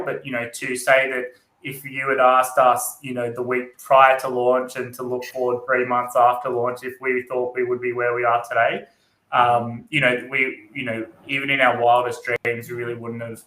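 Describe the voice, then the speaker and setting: Halting male guest in a roomy echo. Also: medium pitch, pushed and bright. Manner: thoughtful, halting, heavy with fillers. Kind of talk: casual interview answers.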